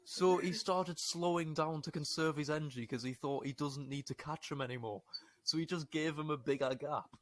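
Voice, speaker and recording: A man's voice: on the high side, moderate pace, dry recording. A British man, a podcast co-host, reading a news story aloud in casual chat, swearing and laughing, acting out the quoted lines.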